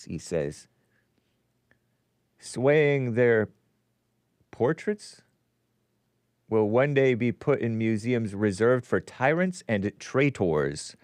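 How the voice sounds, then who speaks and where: A male host runs a streamed commentary show, aiming sarcastic, mocking jabs at his targets. His smooth, resonant, slightly mellow mid-range voice swings widely in pitch, moving very slowly with frequent pauses. The sound is dry and close-miked, with no echo.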